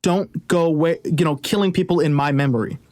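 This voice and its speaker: Gentle young woman's spirit played by a man, soft, pleading. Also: a little high, brisk, no room sound, clean studio sound, lightly acted.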